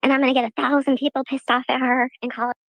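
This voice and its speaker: A woman streamer with a raspy voice sitting a little higher than most. She retells her side in a sarcastic, indignant way. The recording is dry and close. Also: little pitch movement, racing, a bit bright, no echo, poor audio. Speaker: streamer in a played clip. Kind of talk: casual livestream talk.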